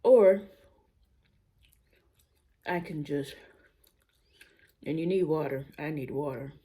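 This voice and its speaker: A young adult woman talking candidly in a casual personal vlog, musing out loud with relaxed everyday slang. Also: low voice, takes it slowly. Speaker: vlogger.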